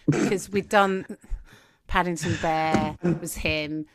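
A woman's voice: on the low side, fairly even intonation, measured pace, no room sound, studio quality. A woman in her thirties, a podcast co-host chatting casually, laughing often and acting out quotes. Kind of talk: casual chat.

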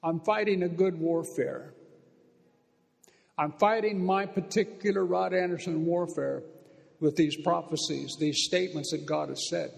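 Man, fervent preacher, gravelly edge, slightly high voice, long hall echo. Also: fairly even intonation, measured pace. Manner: fervent, emphatic preaching with repeated declarations. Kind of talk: sermon. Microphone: handheld microphone. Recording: echoey hall reverb.

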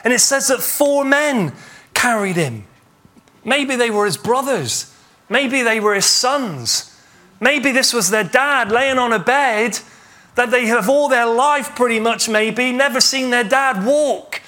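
A man preaching a sermon as pastor, retelling a story with lively acted-out dialogue. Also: extremely high pitch, takes it slowly. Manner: animated storytelling, acts out imagined dialogue.

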